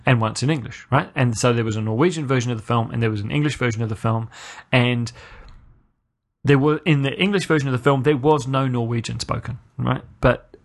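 A man hosting a podcast with a casual, sarcastic review in a mid-range voice. He stumbles and restarts as he rants, and he swings up into a high, disbelieving pitch. He sounds exasperated rather than calm. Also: a little fast. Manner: exasperated ranting, pitch leaping up when incredulous. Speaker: podcast host. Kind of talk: casual spoken film review.

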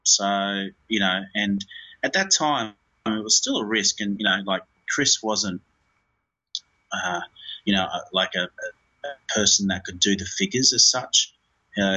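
A man's voice: lowish voice, animated, a little slow, pushed and bright, husky, poor audio. A man, a film director, talking in an interview in a rambling way, with many fillers and restarts.

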